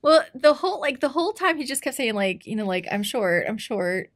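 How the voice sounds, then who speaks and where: A young woman telling a story in casual podcast chat, animated and giggly, with lots of fillers. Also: fairly high pitch, a little fast. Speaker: podcast co-host.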